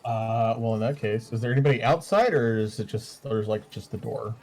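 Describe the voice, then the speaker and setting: A man's voice: fairly low pitch, a little fast, vocal fry, a little mellow. A man playing in a tabletop game, speaking casually and hesitantly. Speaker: player.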